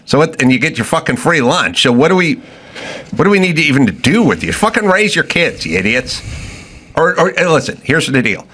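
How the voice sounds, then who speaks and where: A man's voice: a little high, sing-song, brisk, sharp tone, slight background noise. A man hosting a talk show, ranting with sarcasm and profanity and acting out the lines of the people he mocks. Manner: profane, sarcastic, acts out quoted voices. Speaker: show host.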